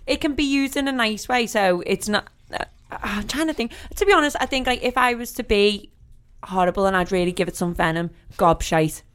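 A woman's voice: fairly high pitch, a little fast, a bit bright. A woman in a casual podcast chat, telling stories with a giggle and poking fun at herself. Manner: giggly, self-deprecating storyteller. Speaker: podcast co-host.

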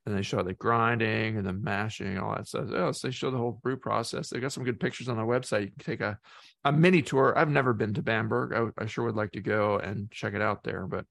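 A man's voice: fairly low pitch, brisk, vocal fry, a bit bright, dry recording. A man co-hosting a casual beer-tasting podcast, reading facts aloud and hesitating often with fillers. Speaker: podcast co-host.

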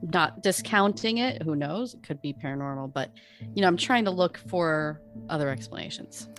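Female podcast co-host, deep voice, casual skeptic, quiet music bed. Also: expressive, moderate pace. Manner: skeptical, hedging with "who knows" and "you know". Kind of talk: casual chat about hauntings.

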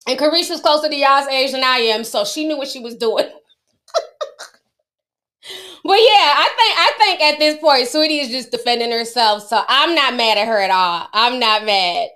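A woman's voice: high voice, normal speed, pushed and bright. A middle-aged woman hosting a casual livestream, chatting with her viewers and laughing often. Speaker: livestream host.

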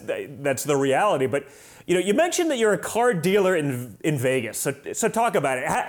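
A man in his forties hosting an interview, chatting casually with quick sarcastic jokes. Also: fairly high pitch. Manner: joking, quick, sarcastic asides. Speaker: podcast host.

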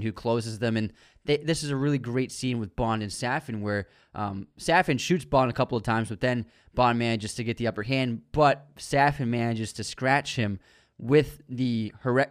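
A man in a casual podcast chat, recapping a film's plot in a loose way with plenty of fillers. His mid-pitched voice sounds dry and close, with no room in it. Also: dry recording. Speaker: podcast co-host. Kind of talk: casual film review chat.

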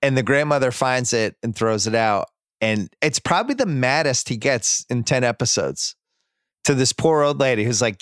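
A man hosting a podcast, casually recapping a TV series and acting out scenes with quick put-on voices. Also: medium pitch, clean tone, no echo, clean studio sound. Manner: animated retelling, acts out scenes in quick voices. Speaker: podcast host.

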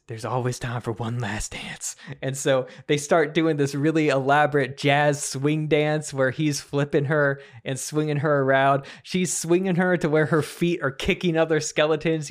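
A man hosting a podcast, animatedly improvising a comedic story with giggles and restarts. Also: fairly high pitch. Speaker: podcast host.

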